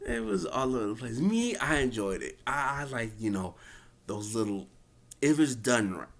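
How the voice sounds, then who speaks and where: A man's voice: mid-range voice, big pitch swings, normal speed. A man casually recapping and reviewing a wrestling show, rambling with many fillers. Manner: rambling, lots of fillers, acts out quotes.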